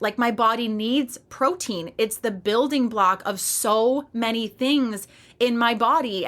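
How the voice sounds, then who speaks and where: A woman in her thirties speaks straight to her listeners in a solo podcast monologue. Her voice is bright and forward, and her delivery is emphatic, candid and fired up. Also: fairly high pitch. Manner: passionate, emphatic, candid with casual swearing. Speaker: podcast host and fitness coach.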